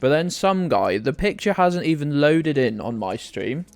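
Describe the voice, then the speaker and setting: A man's voice: fairly high pitch, animated, a little slow, dry recording. A man from the UK chatting casually and rambling to viewers while streaming a game, often joking at his own expense. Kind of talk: casual live-stream commentary.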